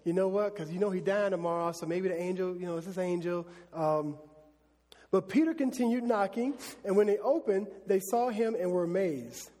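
A man preaching a casual Bible lesson, chatty and animated, with many fillers. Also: sits high, moderate pace, big-room sound.

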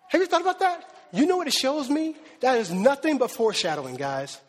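A pastor with a very high, expressive voice preaches briskly in a church sanctuary, barely pausing. His sermon is conversational and packed with rhetorical questions to the congregation, and the audio has a big-room sound.

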